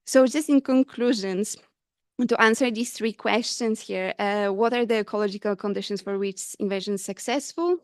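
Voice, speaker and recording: Smooth-voiced woman presenting research. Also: mid-range voice, steady tone, moderate pace, no room sound, studio quality. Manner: hesitant, many fillers and restarts. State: out of breath. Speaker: conference presenter. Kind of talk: scientific conference talk. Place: conference hall.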